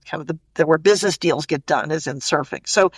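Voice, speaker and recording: A middle-aged woman as an interview guest, telling stories in an animated, chatty way, full of "you know" and "like". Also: sits low, a little fast, breathy edge, no room sound. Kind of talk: casual storytelling interview.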